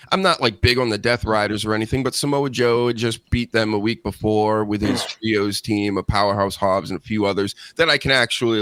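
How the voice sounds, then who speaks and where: A man's voice: on the low side, fairly bright tone, smooth, dry recording. A man, chatting casually as a co-host of a wrestling review show, rambling with lots of fillers and mocking impressions. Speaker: podcast co-host.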